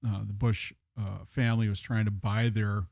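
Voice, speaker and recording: A man talks casually on a podcast, rambling through stories with fillers. His voice sits a little low. The sound is dry and close to the mic. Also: level tone, moderate pace, creaky, a little mellow, dry recording. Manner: storytelling, chatty with fillers. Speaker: guest bartender.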